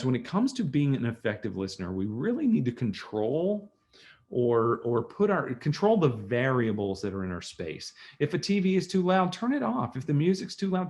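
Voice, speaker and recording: Man teaching listening skills on a video call. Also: mid-range voice. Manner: conversational, storytelling, acts out dialogues. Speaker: communication skills trainer. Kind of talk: online training talk.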